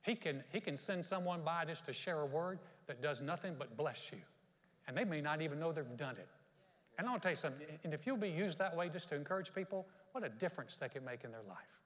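A man's voice: a little high, animated, fast. Folksy man preaching in a reverberant hall. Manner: folksy storytelling with acted-out quotes. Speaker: pastor. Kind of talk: sermon.

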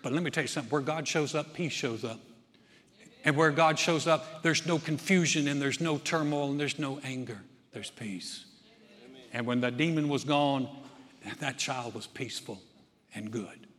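A man preaching a sermon as pastor, swinging from loud emphatic surges down to quiet, soft-spoken stretches. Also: mid-range voice, normal speed. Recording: long hall reverb.

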